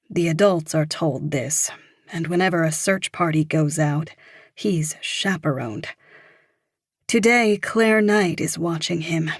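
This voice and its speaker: In a clean studio recording with no echo, a fairly low-pitched woman reads a thriller audiobook. Her delivery stays steady and measured throughout the story.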